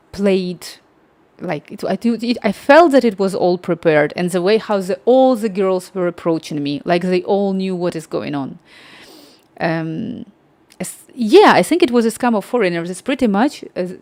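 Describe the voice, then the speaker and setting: Woman, livestream host, casual anecdote, lively retelling, dry room. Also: mid-range voice, no room sound. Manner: animated, acts out quoted dialogue. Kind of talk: casual storytelling.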